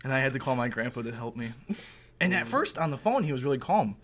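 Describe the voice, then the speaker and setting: A young man co-hosting a podcast, telling a story in a casual, animated way, swearing and laughing as he goes. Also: medium pitch, fast. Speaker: podcast co-host. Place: indoor recording room.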